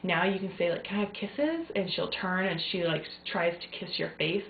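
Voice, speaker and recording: Young mom rambling on her vlog, kinda low voice, sounds like a phone line in an echoey room. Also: level tone, a little fast, gravelly, a little hiss or hum. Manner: chatty, rambling with many fillers. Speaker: vlogger, new mother. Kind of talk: casual chat to camera.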